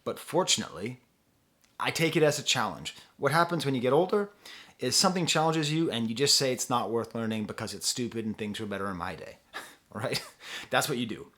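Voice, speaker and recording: A male music reviewer talking casually to camera in a relaxed vlog style. He wanders off on tangents and chuckles now and then, with an ordinary mid-range voice. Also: mid-range voice, a little fast.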